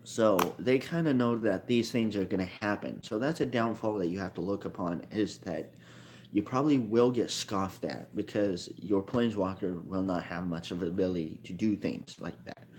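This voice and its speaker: A man's voice: low-pitched, moderate pace, a little mellow, a little hiss or hum. A man talking casually about a card game in a rambling monologue, often correcting himself as he thinks aloud. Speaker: card game video maker.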